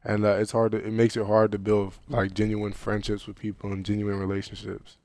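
A young man, a college basketball player, answering interview questions casually and softly, filling his sentences with "you know". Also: fairly low pitch, completely flat delivery, a little fast, dry recording. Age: young adult. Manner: soft-spoken, heavy on "you know" fillers.

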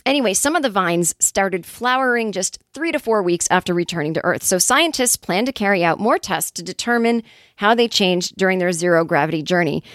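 A woman's voice: mid-range voice, expressive, fairly quick, fairly bright tone, no room sound, studio quality. Wry woman podcast host riffing on news. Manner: wry, reads news then riffs with sarcastic asides. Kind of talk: casual comedic news chat.

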